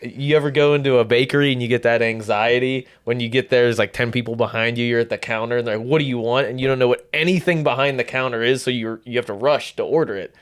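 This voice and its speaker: Male podcast co-host, smooth clear voice, chatty storyteller. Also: medium pitch, fairly even intonation, fast, hardly any pauses. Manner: chatty, storytelling, laid-back. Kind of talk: casual podcast banter.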